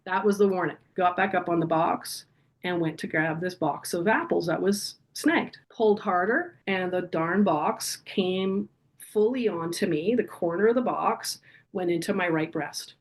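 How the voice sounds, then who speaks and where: A woman's voice: on the low side, a little slow. A middle-aged woman, a podcast guest telling a personal story in earnest, vivid detail.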